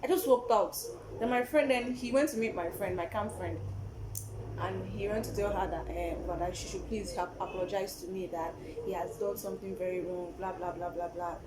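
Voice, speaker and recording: A young podcast co-host with a Nigerian accent and a medium-pitched voice tells stories briskly in a casual chat. She animatedly acts out what people said and laughs often. The sound is roomy, with a noisy background.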